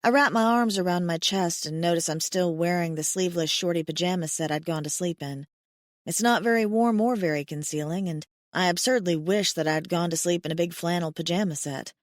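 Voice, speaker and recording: A woman's voice: on the low side, fairly quick, no room sound. A woman narrating a first-person audiobook in a wry, self-mocking storytelling manner into a close studio mic.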